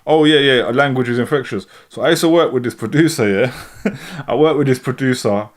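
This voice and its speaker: A man's voice: medium pitch, a little fast. A man in his thirties with a London accent, chatting casually on a livestream and reading out comments, rambling with fillers and frequent laughs. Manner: rambling, laid-back, laughs often, many fillers and restarts. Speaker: rapper and livestream host.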